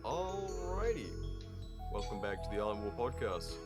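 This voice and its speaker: A man's voice: medium pitch, big pitch swings, moderate pace, loud music behind the voice. A man with a British accent hosting a podcast, joking and bantering casually. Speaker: podcast host.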